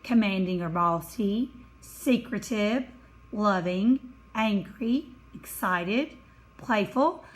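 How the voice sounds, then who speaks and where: A woman teacher giving a recorded lesson over slides, explaining slowly and carefully, now and then correcting herself. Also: medium pitch, animated, low-quality recording. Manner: slow, careful explaining with small self-corrections.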